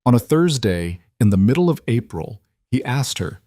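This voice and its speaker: A man narrating a scripted romance story in a measured, even way. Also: mid-range voice, no room sound, clean studio sound.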